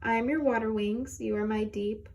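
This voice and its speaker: A young woman reading a rhyming children's book aloud with a gentle, steady rhythm. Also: on the high side, normal speed. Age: young adult. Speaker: reader.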